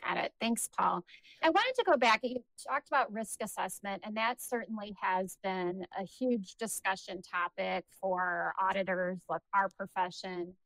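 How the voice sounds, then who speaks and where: A woman's voice: mid-range voice, normal speed, a bit bright, no room sound, poor audio. A woman as podcast host, asking interview questions in a conversational, affirming way.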